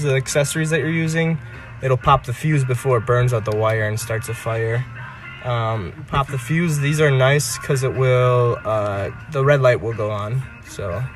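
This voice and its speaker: Man, DIY vlogger halting, casual explainer, mid-pitched, phone-recorded in a garage. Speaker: DIY boat restorer. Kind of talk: casual how-to narration. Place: home garage. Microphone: phone camera.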